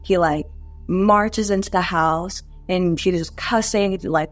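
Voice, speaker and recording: A young woman in her twenties tells her own life story to an interviewer in a candid, conversational way. Her voice sits a little low for a woman, and she leans on casual fillers and sometimes lifts her pitch to act out what others said. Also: steady tone, takes it slowly, faint music behind. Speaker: interview guest.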